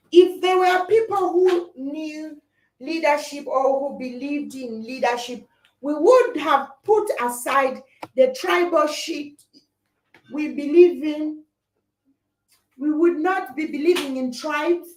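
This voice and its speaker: High-voiced woman ranting from a distance. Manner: emphatic, repetitive rhetorical phrasing. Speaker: livestream host reading viewer comments. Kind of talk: impassioned opinion talk. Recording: roomy, distant mic.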